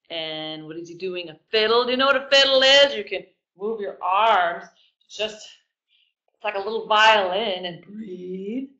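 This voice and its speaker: Bright-voiced woman guiding kids' yoga. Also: mid-range voice. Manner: encouraging, coaxing instructions to children. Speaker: kids yoga teacher. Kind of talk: online kids yoga class. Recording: muffled echoey room.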